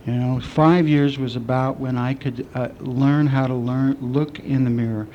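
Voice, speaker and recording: Candid man telling dark recovery stories. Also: medium pitch, fairly even intonation, unhurried, muffled recording, slight background noise. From southwestern United States. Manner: candid, self-mocking storytelling with dark humor. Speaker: speaker at a recovery meeting. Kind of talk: personal recovery talk.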